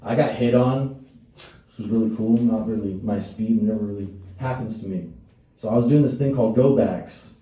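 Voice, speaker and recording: A man's voice: fairly low pitch, moderate pace, mellow, lo-fi sound. Profane young man telling stand-up stories. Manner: crude, profane storytelling with acted-out voices. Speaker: stand-up comedian. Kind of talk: stand-up set. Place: comedy stage before a live audience. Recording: distant, roomy live stage sound.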